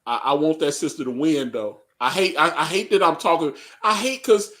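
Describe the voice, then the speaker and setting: A man's voice: on the high side, a little fast, fairly bright tone. A man co-hosting a casual live reaction chat, rambling and joking with frequent laughs. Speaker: podcast co-host.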